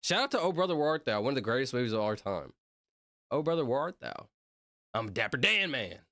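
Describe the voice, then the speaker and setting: Excitable guy with lively pitch. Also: fast, no room sound, clean studio sound. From Southern United States. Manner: excitable, rambling, sudden shouted outbursts. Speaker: streamer reacting to videos. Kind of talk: casual reaction commentary.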